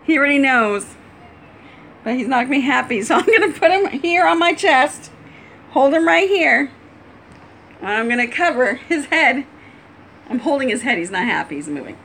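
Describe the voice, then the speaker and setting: A talkative woman with a somewhat high voice explains, step by step, how to hold her pet bird. She laughs often and keeps the tone casual and homey. It sounds like an everyday home video. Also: big pitch swings, normal speed, pauses often, a bit bright, a little hiss or hum. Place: at home indoors.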